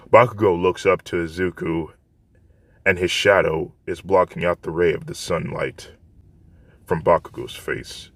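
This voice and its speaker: A man with a deep, low voice narrates a fan fiction story in a plain, unpolished way, restarting phrases as he goes. The recording is dry and close. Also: measured pace, gravelly, fairly bright tone, no echo.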